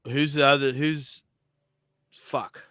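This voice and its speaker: A man's voice: mid-range voice, steady tone, slow, pushed and bright, clear, resonant tone, no echo, studio quality. A man co-hosting a casual podcast, talking bluntly with swearing and stammered restarts. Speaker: podcast co-host. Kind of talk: casual chat.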